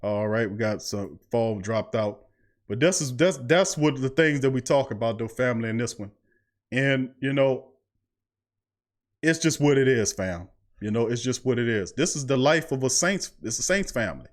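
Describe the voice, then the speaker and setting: A man's voice: medium pitch, lively intonation, normal speed. A man hosting a sports podcast at his mic, preaching his points and repeating phrases for emphasis. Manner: preachy, repeats phrases, heavy Southern US slang. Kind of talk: fired-up sports talk. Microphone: studio mic.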